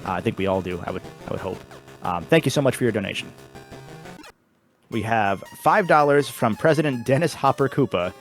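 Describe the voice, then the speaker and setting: A man's voice: mid-range voice, lively intonation, a little fast, soft background music. A man hosting a charity stream in a casual chat, reading donation messages aloud, sometimes stumbling over them and laughing.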